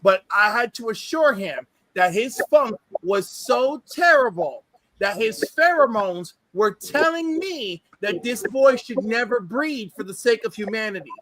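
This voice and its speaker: A man hosting a casual panel chat on a video call, telling stories in an animated, gushing way. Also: high-pitched, measured pace. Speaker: host.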